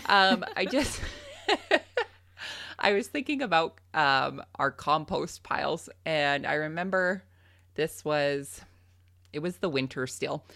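A woman's voice: sits low, gravelly, fairly bright tone, dry recording, clean studio sound. A young adult woman from Canada, a farmer and podcast host, telling a funny story in casual chat and laughing often.

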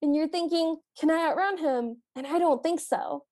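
A woman co-hosting a podcast, retelling a movie scene in an animated way and quoting the characters' lines. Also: sits high, moderate pace, dry recording, studio quality. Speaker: podcast co-host. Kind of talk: casual movie recap chat.

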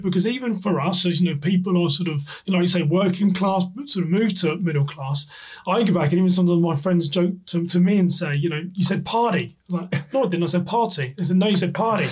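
A man's voice: sits high, fast, slightly rough. A man hosting an interview, chatting casually and relating his own stories before asking questions. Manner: chatty, relaxed, many fillers. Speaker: podcast host.

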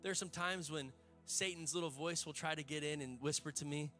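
A man's voice: on the high side, brisk, pushed and bright, faint music behind. A male pastor, preaching a sermon to a church congregation in a fervent, conversational way with folksy asides.

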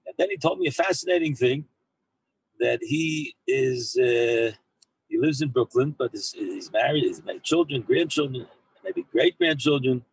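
A man who heads a yeshiva, telling an anecdote in an animated way to his former students, mixing in Hebrew and Yiddish words and often repeating himself as he goes. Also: mid-range voice, moderate pace, vocal fry, breathy edge, dry recording, low-quality recording. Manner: frequent repeats and restarts. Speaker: rabbi and yeshiva head. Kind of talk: storytelling talk to former students.

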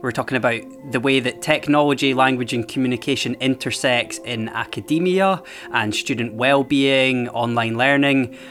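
A man co-hosting a podcast, introducing clips and chatting in a measured, conversational way. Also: medium pitch, fairly bright tone, soft background music. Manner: measured, conversational, linking themes. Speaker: podcast co-host. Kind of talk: podcast narration and chat.

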